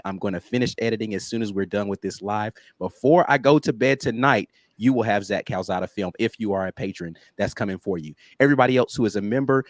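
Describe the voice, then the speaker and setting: A raspy man, hoarse from being sick, co-hosting a sports show with energetic promotional talk. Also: lowish voice, no room sound. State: hoarse from illness. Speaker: co-host. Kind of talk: casual sports chat.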